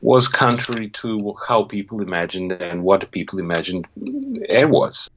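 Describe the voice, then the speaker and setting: A man, a historian guest, gives halting, thoughtful explanations. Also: deep voice, a bit bright, muffled recording, a little hiss or hum. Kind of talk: interview answers.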